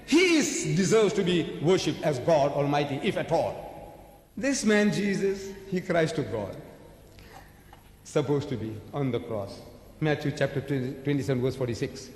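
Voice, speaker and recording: A man's voice: on the high side, normal speed, darkish tone. A man giving an emphatic religious lecture to an audience, asking rhetorical questions and answering them himself. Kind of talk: sermon-style religious lecture. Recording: echoey hall recording.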